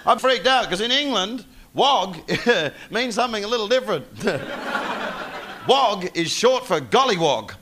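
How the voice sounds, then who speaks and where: An Australian man doing sweary, animated live stand-up, recorded in front of a loud audience. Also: sits high, noisy background. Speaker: stand-up comedian.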